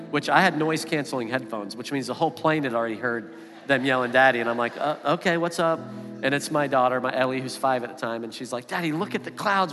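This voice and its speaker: A pastor in his thirties delivers a sermon in a conversational storytelling manner, his mid-range voice carrying through a reverberant church hall. Soft guitar music plays underneath him the whole time. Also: mid-range voice. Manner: storytelling, animated when quoting his kids. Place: church sanctuary.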